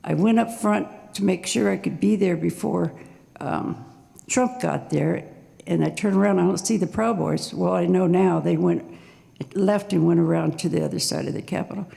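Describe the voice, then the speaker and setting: An older woman with a heavily gravelly, mellow voice tells a true story live on stage. She sounds nervous and halting, and the sound rings with the long reverb of a performance hall. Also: lowish voice. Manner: nervous, halting, with small laughs.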